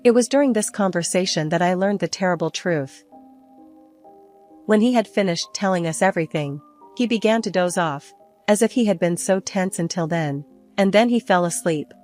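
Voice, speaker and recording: An older woman calmly narrating a story in the first person. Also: fairly low pitch, normal speed, soft background music. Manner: calm, even storytelling. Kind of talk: scripted narration.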